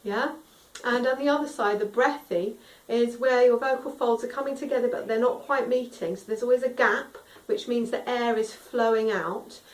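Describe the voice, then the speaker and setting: A woman's voice: on the high side, moderate pace, far from the mic. A woman teaching singing, explaining vocal tone in a friendly, instructive way. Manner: friendly instructive, demonstrates sung tones. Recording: roomy echo, a little off mic.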